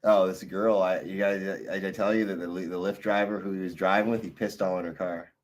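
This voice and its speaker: Low-pitched and steady, this man talks briskly. He's a worn-out livestreamer going through his chat, drifting through casual conversation and swearing his way through meandering anecdotes.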